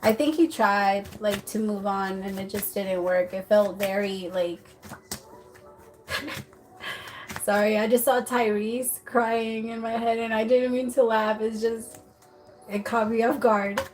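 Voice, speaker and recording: A woman's voice: medium pitch, fairly even intonation, takes it slowly, slight background noise. A woman giving a casual livestream tarot reading, chatty and giggly, with lots of fillers and restarts. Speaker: tarot reader.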